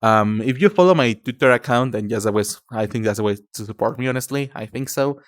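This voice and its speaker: A young livestreamer with a Spanish accent chats casually with viewers, stumbling over his words and calling people cutie and darling. His mid-range voice is brisk, and the audio has no room sound.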